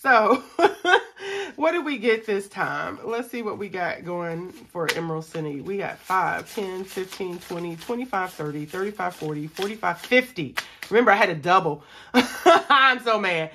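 A woman's voice: lowish voice, moderate pace, noisy background. A young woman chatting to her viewers as she counts money and scratches off savings cards. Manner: chatty, animated, talks to viewers as y'all, counts money aloud. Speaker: budgeting vlogger. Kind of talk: casual chat to viewers while scratching off savings.

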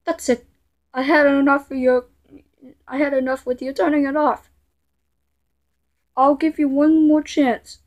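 A woman voicing a quick-tempered female computer error that scolds the user, threatening and stammering as she goes. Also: high-pitched, flat delivery, muffled recording. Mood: angry scolding.

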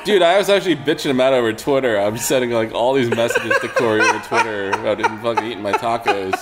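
A man's voice: mid-range voice, fast talker, heavy background noise. A man co-hosting a podcast, telling a story in casual chat, swearing and laughing as he goes. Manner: animated, swearing, laughs as he tells it. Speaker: podcast co-host.

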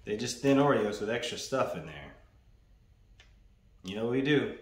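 A man hosting a casual snack-review vlog, his voice swinging up and down with lively, animated pitch. He talks in a loose, playful way and repeats his phrases. The sound is roomy and echoey, like a bare room indoors. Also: moderate pace, noisy background. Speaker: food reviewer. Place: indoors, standing. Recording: roomy echo.

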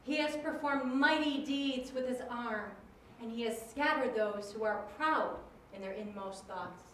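Brief: woman, high voice, emphatic scripture reader in a big echoey hall. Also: fairly bright tone. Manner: slow, emphatic proclaiming. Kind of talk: enacted scripture reading in worship. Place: large worship hall. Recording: echoey hall from far off, faint noise.

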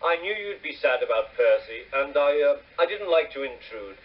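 A man playing a proud, fussy little tank engine, huffy and impatient, with a lively, bouncing pitch. The voice sits back from the mic on a dull recording with faint music behind it. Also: normal speed, far from the mic, lightly acted. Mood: sheepish.

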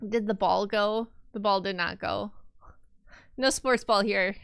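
Bright, clear-voiced young woman streamer. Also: mid-range voice, steady tone, measured pace, dry recording, clean studio sound. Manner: chatty, laughs often, greets viewers warmly. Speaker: VTuber streamer. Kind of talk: casual live-stream chat.

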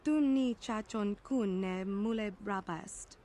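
An actress voicing a female alien droid seller who speaks a steady alien language. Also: mid-range voice, slow, a little hiss or hum, natural voice.

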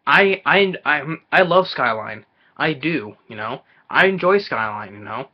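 A man's voice: on the high side, lively intonation, a little slow. Stammering, exasperated man ranting. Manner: stammering, repeats himself, exasperated. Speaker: movie reviewer vlogger. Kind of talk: ranting trailer reaction. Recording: dull lo-fi recording.

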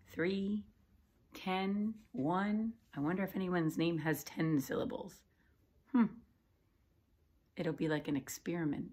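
A woman teacher giving a video lesson to young children in a sing-song, animated way. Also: mid-range voice, breathy edge.

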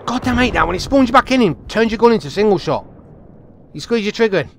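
A young man giving excitable, chatty commentary over his own game, talking to himself and his teammates. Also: sits high, quick pace, gravelly. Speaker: gaming channel host. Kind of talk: live gameplay commentary.

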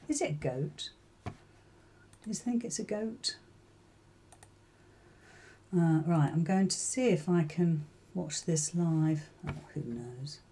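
A woman with a warm, mellow tone leads a live sewing tutorial in a relaxed, chatty way. She thinks aloud as she works and keeps turning to her viewers with questions. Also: fairly low pitch. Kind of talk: casual live tutorial chat.

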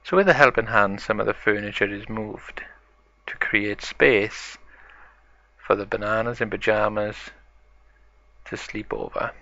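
A man narrating a toy-play story in a plain, halting storytelling way. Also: on the low side, sharp tone, no echo, muffled recording. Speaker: toy channel host.

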